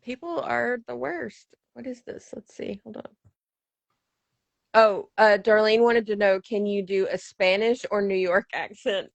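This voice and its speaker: A woman hosting a live chat show, animated and giggly after a few drinks. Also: mid-range voice, unhurried, vocal fry, no echo. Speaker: podcast host.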